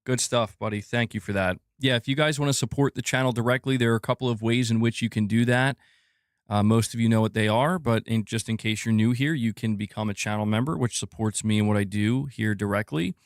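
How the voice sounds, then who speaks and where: A man's voice: medium pitch, a little fast, dry recording, clean studio sound. A man hosting a gaming news live stream, chatting casually and reading viewer comments. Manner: animated, talks to chat, reads comments aloud. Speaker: podcast host.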